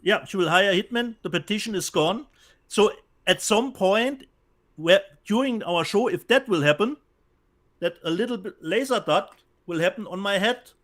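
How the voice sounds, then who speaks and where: Joining from home by remote call, a German-accented co-host reads viewer comments aloud on a casual show, frequently repeating words while he hunts for them. His high voice is expressive and fairly bright, at a moderate pace.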